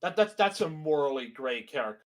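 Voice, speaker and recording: A man's voice: a little high, expressive, brisk. A young man riffing casually as a co-host, rambling and profane, full of filler words. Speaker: co-host reacting to a video. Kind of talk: casual reaction commentary.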